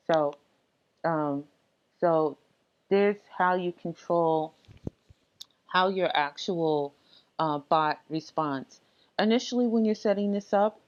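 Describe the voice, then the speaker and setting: In this lo-fi, dull-sounding screen recording, a tech tutorial presenter explains how to set up software. Her voice is somewhat low and her manner laid-back and unscripted, with frequent ums and uhs while she clicks from screen to screen and talks through each step.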